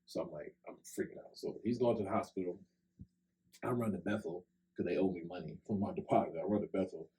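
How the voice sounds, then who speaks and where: A man's voice: low-pitched, fast talker, warm tone, a little hiss or hum, rough recording. A young man telling a long personal story on a podcast, in a loose conversational way full of "like" and "right?". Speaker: podcast co-host. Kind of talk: casual storytelling chat. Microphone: podcast microphone.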